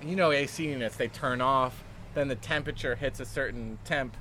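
An overtired young comedian venting to a friend in blunt, profane, casual talk. His voice sits at an ordinary middle pitch. Faint traffic and city hum surround him outdoors. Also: normal speed, pushed and bright. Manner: blunt, swears often, tired venting. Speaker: stand-up comedian. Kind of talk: casual chat.

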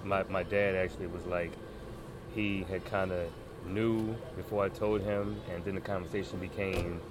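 A man, a stand-up comedian chatting casually, relaxed and rambling. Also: deep voice, normal speed. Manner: relaxed, rambling, lots of fillers. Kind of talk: casual chat. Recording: loud traffic noise outdoors.

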